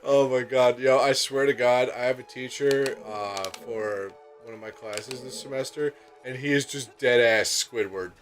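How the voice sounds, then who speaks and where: A man's voice: medium pitch, a little slow, hardly any pauses, faint music behind. A man in his twenties chatting casually while playing a game, rambling through stories with plenty of laughter and swearing, on a microphone set on a bucket. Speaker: let's play co-host, student. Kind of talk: casual gaming chat.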